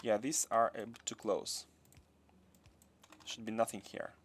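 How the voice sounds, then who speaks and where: A man's voice: on the low side, level tone, measured pace, a little hiss or hum. Russian-accented man muttering through a game build. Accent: Russian with some French. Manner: muttering to himself, reads chat aloud. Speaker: game streamer. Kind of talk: casual livestream commentary while building.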